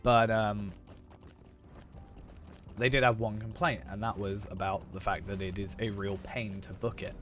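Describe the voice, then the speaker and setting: A young man with a fairly low voice chats loosely while he plays, circling back and correcting himself with plenty of fillers. His voice sounds a little hoarse. Faint music plays behind him. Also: fairly even intonation, unhurried, long pauses, a bit bright. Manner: rambling, filler-heavy, self-correcting. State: hoarse after losing his voice. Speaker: streamer. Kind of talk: casual chat while gaming.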